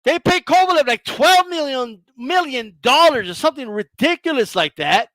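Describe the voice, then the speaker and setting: A man hosting a live stream, ranting bluntly and sarcastically, swearing and rising to shouts. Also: very high-pitched, expressive, moderate pace, no room sound. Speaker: boxing commentator and channel host.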